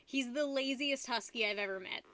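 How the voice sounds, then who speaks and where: A woman's voice: a little high, moderate pace, bright, forceful tone. A young woman hosting a live stream from home, chatting loosely and giggling while she paints. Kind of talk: casual chat while painting.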